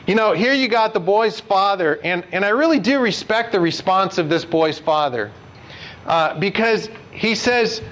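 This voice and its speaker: High-voiced pastor preaching earnestly. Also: male voice, animated, moderate pace, a bit bright, rough recording. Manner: earnest, direct questions to the congregation. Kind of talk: conversational sermon.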